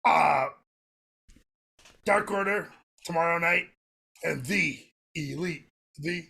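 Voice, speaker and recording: A man's voice: a little high, takes it slowly, creaky, sharp tone, husky. A man co-hosting a podcast in casual chat, brash, laughing a lot and swearing freely. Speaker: podcast co-host.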